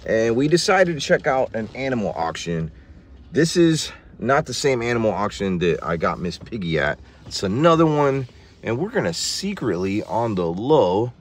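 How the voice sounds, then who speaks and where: A man hosting his vlog outdoors on a small farm, chatting casually to camera and cooing baby talk at the animals. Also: fairly low pitch. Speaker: vlog host.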